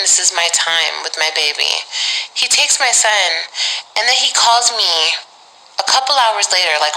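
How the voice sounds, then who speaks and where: Young woman, very bright voice, casual storytime venting, emphatic and exasperated. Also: on the low side, low-quality recording. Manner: animated, emphatic, exasperated retelling; casual slang, addresses viewers directly. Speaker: livestreamer telling a personal story.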